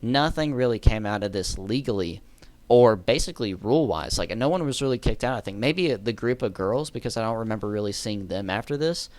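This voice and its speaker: A man's voice: lowish voice, animated, a little fast, darkish tone, dry recording. Rambling man telling a story. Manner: rambling, self-correcting, laughs at his own story. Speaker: storyteller vlogger. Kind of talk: casual storytime monologue.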